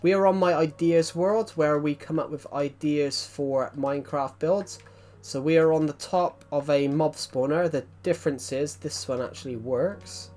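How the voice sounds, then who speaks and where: A man's voice: on the high side, steady tone, moderate pace, few pauses, darkish tone. A man live-streaming a game, chatting casually and rambling with stumbles as he greets viewers. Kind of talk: casual live-stream chat while gaming.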